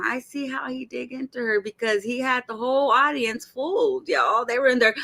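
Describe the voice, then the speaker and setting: A woman from Arizona hosts a reaction stream, talking directly to her viewers in a bright, slightly high voice. She's a little slow but blunt and animated, mixing swearing into her casual chat as commentary host.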